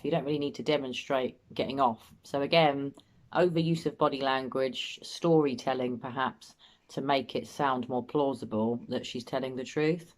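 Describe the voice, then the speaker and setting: A woman with a low voice talks through an interview clip in a doubtful, thinking-aloud way. She comments steadily, often circling back to the same misgivings. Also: normal speed. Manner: doubtful, musing, often repeats herself. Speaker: host, body language commentator. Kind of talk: analytical commentary.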